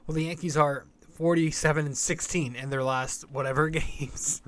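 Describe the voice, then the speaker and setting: A man's voice: fairly high pitch, normal speed, few pauses, a bit bright. A young man hosting a sports podcast, talking casually and bluntly, rambling and swearing freely. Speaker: podcast host.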